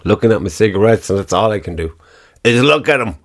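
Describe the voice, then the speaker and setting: A man's voice: fairly low pitch, lively intonation, fast. A man hosting his own podcast in casual solo chat, rambling, swearing freely and laughing at his own remarks. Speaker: podcast host.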